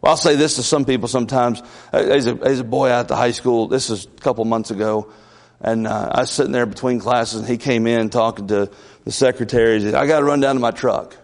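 A man's voice: mid-range voice, fairly even intonation, a little fast, big-room sound. A man preaching a sermon as the church's pastor, folksy and storytelling, with asides and chuckles.

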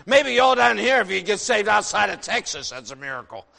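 A man in his sixties, originally from the northern United States, preaching a sermon in an animated, folksy way, full of rhetorical questions. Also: high-pitched, a little fast, vocal fry. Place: church sanctuary. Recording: long reverb of a large hall.

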